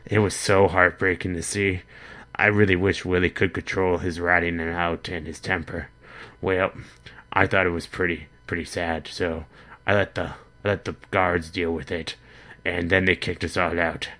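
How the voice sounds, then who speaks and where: Male comic vlogger, deep, deadpan and rambling, with a crisp forceful edge. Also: normal speed. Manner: rambling, deadpan, stammering restarts. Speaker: comedy vlogger in character.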